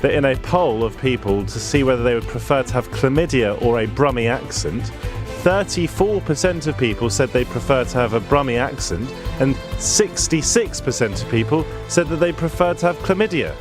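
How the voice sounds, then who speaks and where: A man's voice: mid-range voice, expressive, moderate pace, over music. A man, a radio presenter trading wry, playful banter on air.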